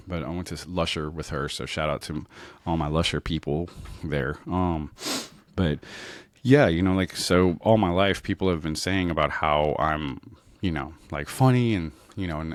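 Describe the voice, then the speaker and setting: Casual life stories come from a podcast host in his thirties, from New Orleans, whose voice sits low; he meanders, filling gaps and restarting often. The recording is dry.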